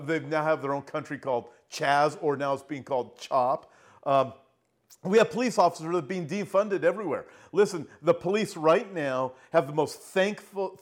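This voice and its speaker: Delivering an earnest, emphatic sermon on prophecy, this middle-aged Southern Californian man slows his pace and lifts his pitch each time he reads from scripture.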